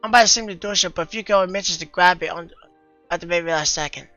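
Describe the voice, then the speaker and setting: A woman reading a visual novel aloud, voicing its dialogue in a lively, expressive way, on a dull lo-fi recording. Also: on the low side, no room sound, soft background music. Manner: lively, expressive, quick to exasperation.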